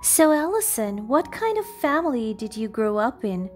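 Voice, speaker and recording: A woman's voice: a little high, big pitch swings, normal speed, faint music behind. A woman reading the lines of a dismissive, prying job interviewer who talks down to a candidate. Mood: condescending. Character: condescending female job interviewer.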